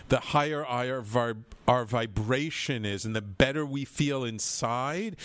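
A man's voice: mid-range voice, fairly bright tone. A man hosting an internet radio show, talking in an enthusiastic, rambling way with plenty of fillers and restarts. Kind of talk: casual radio talk with read quotes.

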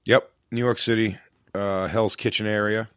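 A man with a Philadelphia accent, a comedian guest talking loosely and rambling a bit. His voice sits low, and the recording is dry and close, with no room sound. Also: steady tone, normal speed, fairly bright tone, clear, resonant tone, dry recording. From West Philadelphia, USA. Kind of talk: casual chat. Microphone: remote podcast mic at home.

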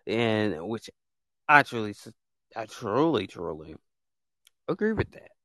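A man's voice: lowish voice, big pitch swings, unhurried, sharp tone, dry recording. A man who hosts a podcast, scolding listeners in a heated, repetitive rant about trolls and bans. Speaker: podcast host. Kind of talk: ranting monologue.

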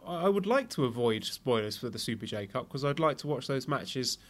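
A man co-hosting a podcast, reading listener questions aloud in a steady, casual way. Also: mid-range voice, normal speed. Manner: steady, reads questions aloud and hands them over.

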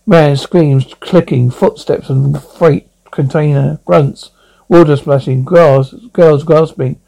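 A man's voice: on the high side, fairly even intonation, slow, creaky, warm tone, low-quality recording. A man reading out sound descriptions in a plain, matter-of-fact way as narrator. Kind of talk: flat read-out of sound descriptions.

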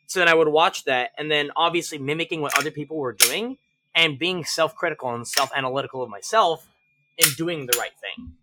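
A man as a podcast guest, telling stories animatedly, swearing freely and acting out shouted range commands. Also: a little high, a little fast, noisy background. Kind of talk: casual interview chat.

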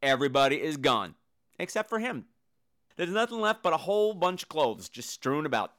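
A man's voice: on the high side, big pitch swings, normal speed, fairly bright tone. A man hosting a casual, comedic movie review show, full of campy, sarcastic asides. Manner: breaks into sung and squealed impressions.

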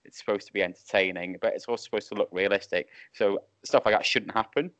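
A man's voice: fairly low pitch, steady tone, quick pace, a bit bright, no echo. A man, a wrestling referee guest, telling rambling anecdotes with chuckles over a video call. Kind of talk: casual chat. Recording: muffled Skype call audio.

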